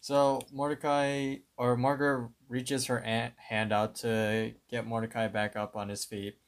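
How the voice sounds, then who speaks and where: A man with a mid-range, level voice co-hosts a podcast, giving a casual recap of a cartoon episode. He retells it in an unhurried, plain, step-by-step play-by-play.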